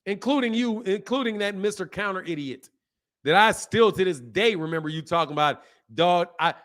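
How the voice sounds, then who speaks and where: A man's voice: high-pitched, lively intonation, moderate pace, a bit bright. Blunt, rambling man on a livestream. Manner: blunt, rambling, repeats himself; street slang, reads chat aloud. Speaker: boxing channel host. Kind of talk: casual livestream commentary.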